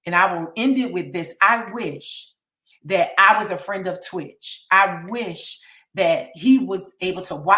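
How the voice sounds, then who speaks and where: A woman's voice: mid-range voice, expressive, a little slow, pushed and bright, reverberant. A woman counselor, talking earnestly to viewers on a live stream and pleading with them to get help. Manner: earnest and pleading, reads out names from chat.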